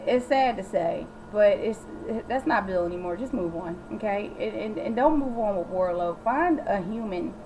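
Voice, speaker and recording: A woman's voice: medium pitch, moderate pace, few pauses, background noise. Sassy woman vlogger recapping a show. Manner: sassy, animated, talks straight to the viewer. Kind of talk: casual chatty recap.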